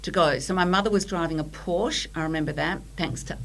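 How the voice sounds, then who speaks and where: Guest spot: Australian woman, middle-aged, animated storyteller, slightly low pitch. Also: brisk, a little hiss or hum, low-quality recording. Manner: animated storyteller who acts out quotes. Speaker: podcast guest. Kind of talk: storytelling in casual chat.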